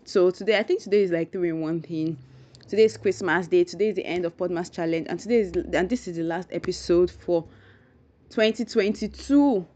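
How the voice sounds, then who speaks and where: Woman podcast host, low voice, thinking out loud, rambling, dull lo-fi sound. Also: fairly quick. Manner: effusively grateful. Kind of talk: solo podcast monologue. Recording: dull lo-fi recording.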